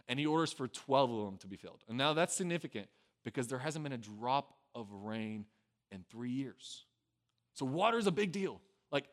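A man preaching a casual storytelling sermon, conversational and peppered with "right?", who swings from loud acted lines to quiet, low asides. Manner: conversational, with a frequent tag "right?". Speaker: pastor.

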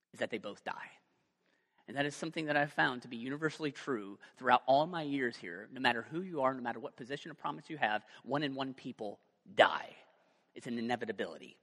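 Joking pastor preaching in a reverberant hall. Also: male voice, medium pitch. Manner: conversational and joking, lively asides. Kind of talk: sermon.

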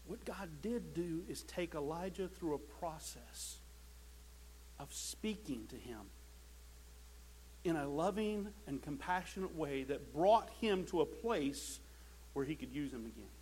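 A male pastor preaching a sermon, impassioned, swinging from loud declarations to hushed tones and often repeating words as he starts a phrase. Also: fairly high pitch, lively intonation, a little slow, slight background noise, low-quality recording.

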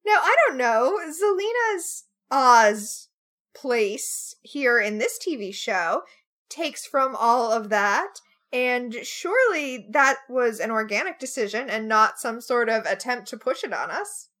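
A woman's voice: on the high side, animated, takes it slowly, fairly bright tone. A woman co-hosting a casual podcast chat, sarcastic and given to mock outrage. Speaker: podcast co-host.

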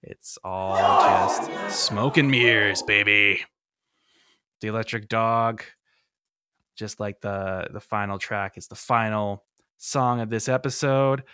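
A man's voice: lowish voice, pushed and bright, smooth, no room sound, clean studio sound. A man guesting on a podcast, joking theatrically and poking fun at himself. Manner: self-mocking, jokey, theatrical. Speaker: podcast guest, game composer. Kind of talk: casual podcast chat. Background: music.

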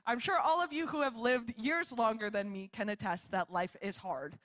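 A young woman missionary giving a sermon in a church, telling a story in a chatty, animated way and acting out the quotes. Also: on the high side, moderate pace. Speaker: missionary preacher. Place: church hall with live audience.

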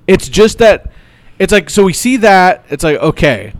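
A man's voice: high-pitched, expressive, unhurried. A man co-hosting a casual movie podcast, rambling, laughing often and swearing casually. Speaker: podcast co-host. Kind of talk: casual chat.

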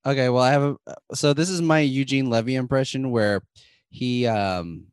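A man's voice: mid-range voice, normal speed, clean tone, no room sound, clean studio sound. A man hosting a casual podcast chat who rambles and keeps restarting his sentences. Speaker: podcast host.

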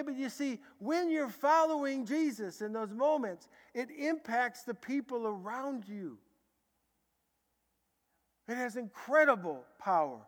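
A man preaching a sermon as a pastor, telling stories with sudden loud bursts and hushed, quiet stretches. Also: very high voice, a little slow. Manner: animated storytelling, swinging from loud bursts to hushed tones. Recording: long hall reverb.

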